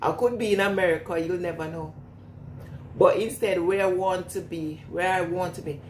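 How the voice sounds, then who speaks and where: A woman's voice: fairly low pitch, fairly even intonation, moderate pace, recorded from a distance, a little hiss or hum. A woman with a noticeable accent, chatting casually with her viewers and answering their comments while washing her hair. She laughs often and repeats herself as she replies. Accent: non-standard English accent. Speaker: vlogger reading live chat. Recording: echoey room with clear background ambience.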